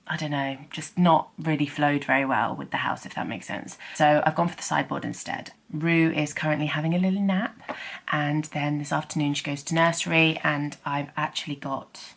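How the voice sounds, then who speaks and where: A woman's voice: low voice, fairly even intonation, moderate pace, vocal fry. A woman in her thirties vlogging at home in a chatty, self-deprecating way, sometimes dropping to a whisper. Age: 30s. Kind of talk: casual vlog chat.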